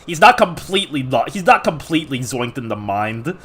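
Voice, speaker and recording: An excitable streamer calls out live gameplay with lots of swearing and laughter. The pitch jumps all over the place. The voice has a slightly husky edge. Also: fairly quick, faint music behind.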